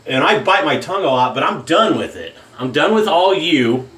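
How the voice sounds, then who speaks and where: A man with a drawl vents in a blunt, profane home-video rant. His voice sits a little high for a man. The sound bounces around a hard, echoey room. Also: big pitch swings, normal speed, fairly bright tone. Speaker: shaving vlogger. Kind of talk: angry political rant.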